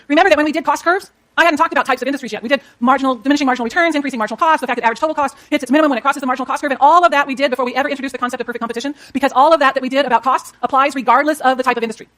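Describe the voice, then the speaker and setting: Brisk, fast-talking woman lecturer. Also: sits high, a bit bright. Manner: brisk, explains while drawing graphs, talks to students. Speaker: economics lecturer. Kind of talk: classroom lecture.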